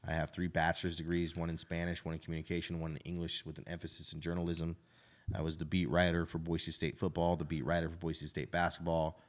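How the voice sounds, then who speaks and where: A man's voice: low-pitched, monotone, quick pace. A man in his thirties, a restaurant owner, telling his life story in casual, frank conversation and often adding "right?". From Idaho.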